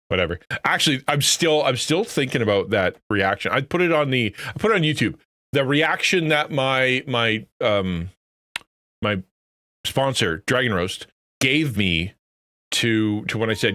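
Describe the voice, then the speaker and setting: A man streaming and chatting casually with viewers, rambling and correcting himself, often jumping up into an excited high voice. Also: measured pace, soft background music. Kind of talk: casual chat.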